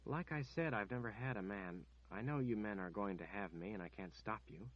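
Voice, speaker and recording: A man voicing Kaylin, a frightened, quick-witted young woman. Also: on the low side, dull audio, lightly acted. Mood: coaxing, tense. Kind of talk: audiobook character voice.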